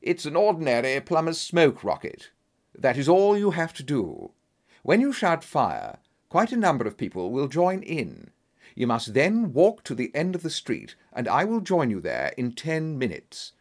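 A man voicing a calm, commanding male detective in an audiobook reading, precise and authoritative. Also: medium pitch, unhurried.

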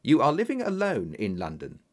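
A man's voice: mid-range voice, huge pitch swings, moderate pace. A man voicing a thin, secretive male colonel with a slight German accent, asking insistent, probing questions. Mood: guarded.

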